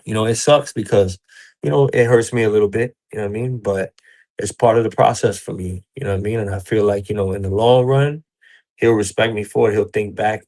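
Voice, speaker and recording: A man's voice: on the low side, a little mellow. A man who works as a boxing coach, talking in a laid-back, casual way and constantly checking in with "you know what I'm saying.". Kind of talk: casual interview chat.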